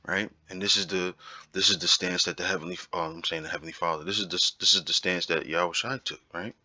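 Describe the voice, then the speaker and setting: A man with a low, bright, forceful voice talks fast and animatedly in a clean recording with no room sound. He gives an informal Bible teaching, emphatically repeating his points and often checking in with "right?".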